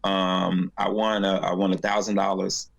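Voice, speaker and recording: Gravelly-voiced man telling a lively story. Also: low-pitched, moderate pace. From North Carolina. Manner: animated storyteller, acts out voices. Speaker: guest comedian. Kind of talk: storytelling in casual interview.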